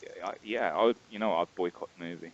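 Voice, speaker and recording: A man's voice: low-pitched, fast. A man co-hosting a podcast in casual chat, blunt and emphatic with frequent fillers, on a dull lo-fi recording. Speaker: podcast co-host.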